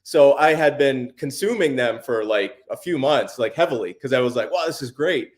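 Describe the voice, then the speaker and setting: A man talking casually as an interview guest, relaxed and rambling, with plenty of fillers and restarts. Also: mid-range voice, normal speed. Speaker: guest, sports card YouTuber.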